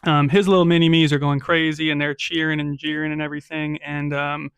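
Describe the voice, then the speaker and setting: A man running a solo tabletop game, narrating and rolling dice in a casual, chatty way. His voice sits fairly high for a man. The recording is dry and close, with no room sound. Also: flat delivery, a little fast, fairly bright tone, smooth, no echo, dull audio. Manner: casual, with frequent "right?" and "um". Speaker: game master.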